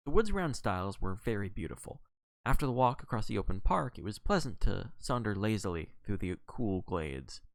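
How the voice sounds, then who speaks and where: Gravelly, lively male novel reader. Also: on the low side, dry recording. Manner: measured reading with self-correcting asides. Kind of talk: reading a novel aloud on a live stream.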